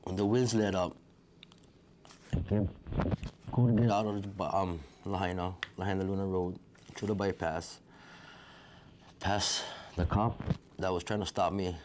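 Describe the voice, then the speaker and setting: A middle-aged man, his voice sitting on the low side. He recounts his story as a vivid present-tense retelling and acts out the dialogue. A faint noise sits under his voice. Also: fairly even intonation, unhurried, long pauses. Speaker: wildfire survivor. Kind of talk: personal storytelling.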